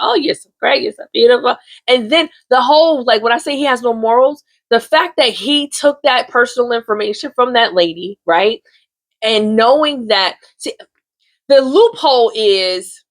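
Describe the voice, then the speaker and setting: A woman recaps a soap opera for her viewers with sass and slang, talking straight at them. Her voice sits high and gets animated as she goes. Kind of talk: casual chatty recap.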